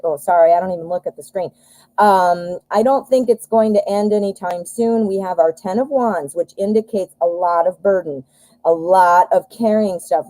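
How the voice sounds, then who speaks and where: A woman hosting a live tarot reading, chatty and excitable, who blurts out exclamations. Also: mid-range voice, no room sound, rough recording.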